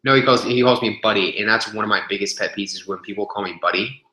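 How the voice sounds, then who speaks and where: On a laid-back webcast, a young guy with a lowish, bright, forceful voice tells a gym story quickly. His telling wanders, with plenty of cursing, filler words and false starts, and the room webcam audio sounds echoey.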